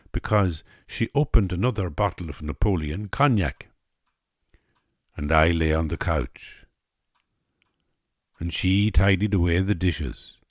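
An Irish man telling a wry story in an unhurried narration. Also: sits low, a little mellow, dry recording, clean studio sound. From Ireland.

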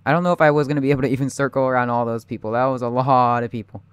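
A young man giving live gameplay commentary, anxious and excitable, often muttering and repeating himself. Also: medium pitch, racing, clear, resonant tone, dry recording.

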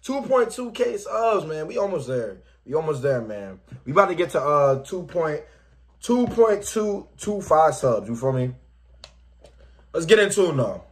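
Hosting a music reaction video, this man speaks a bit slowly with long pauses, his voice slightly high and very animated. He's relaxed, peppers his chat with "man" and "bro," and raps along to the song.

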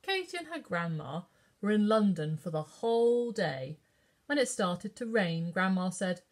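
Woman librarian, story-time reader, lively pitch, medium voice. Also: unhurried. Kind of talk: children's story time reading.

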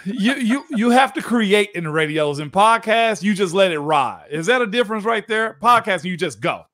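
Easygoing laughing man, high voice. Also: expressive, normal speed, a bit bright. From United States. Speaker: podcast host. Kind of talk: casual sports chat.

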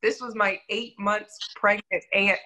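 A woman's voice: medium pitch, level tone, measured pace, bright, forceful tone, poor audio. A young adult woman sharing her faith testimony in an interview, telling her story candidly and earnestly with self-deprecating humor.

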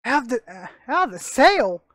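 Excitable woman narrating her gameplay. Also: on the high side, normal speed, no echo, studio quality. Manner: excitable, talks to herself, laughs often. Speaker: gamer. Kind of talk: casual gameplay commentary.

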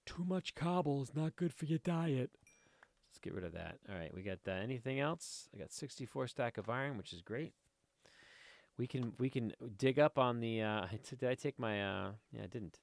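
A man's voice: lowish voice, brisk, vocal fry, dry recording. A man giving casual, rambling commentary while playing a game, easily sidetracked and chatting to viewers and to the creatures on screen. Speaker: let's play host.

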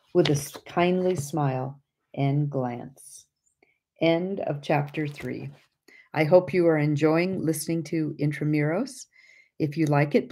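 A woman reading a book aloud as an audiobook narrator, in a gentle, measured way. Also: low-pitched. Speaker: audiobook reader. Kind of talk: scripted narration.

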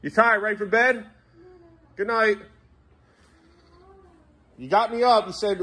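A man's voice: high-pitched, brisk, pauses often, a bit bright. A man in a casual vlog, scolding in an exasperated way and repeating the same stern words over and over. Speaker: vlogger.

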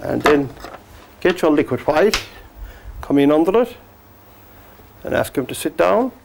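Gentle man coaxing his paint. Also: on the high side, sing-song, a little slow, creaky, slight background noise. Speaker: painting instructor. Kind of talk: painting demonstration.

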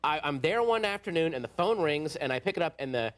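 A man in his thirties, a comedian guest on a talk show, telling a story animatedly and acting out voices, sometimes shouting. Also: on the high side, lively intonation, fast talker. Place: TV studio with live audience.

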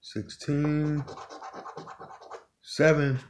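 A man co-hosting a lottery video, calmly reading out numbers one by one. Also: on the high side. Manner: calm, reads numbers slowly one by one. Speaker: channel co-host. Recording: clear background noise.

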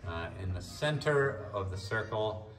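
A man giving a relaxed, rambling tour of his paintings in a gallery, with an Australian and New Zealand mix of accent. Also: on the low side, unhurried. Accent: mixed Australian and New Zealand. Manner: relaxed, musing, with fillers and restarts. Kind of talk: casual walk-and-talk. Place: historic house gallery, indoors. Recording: roomy and distant, faint music behind.

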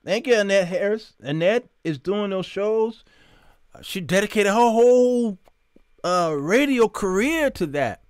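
A man hosting a live talk show, telling stories with animated, preacher-like emphasis and greeting viewers by name. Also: high voice, measured pace, clear, resonant tone, dry recording, clean studio sound. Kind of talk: live talk show monologue with chat shout-outs. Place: studio.

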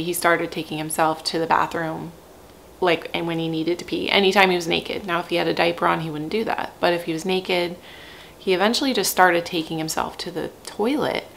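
Young mom vlogger, low gravelly fry, frank and chatty, laughs a lot. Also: female voice, slight background noise. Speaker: parenting vlogger, mother of three. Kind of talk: casual chat to camera. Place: at home.

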